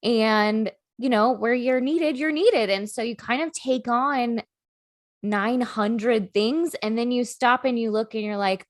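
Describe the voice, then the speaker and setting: A woman's voice: a little high, slow, no room sound, studio quality. A woman co-hosting a business podcast, speaking candidly and with self-deprecating humor. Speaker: podcast co-host, COO. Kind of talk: casual business chat.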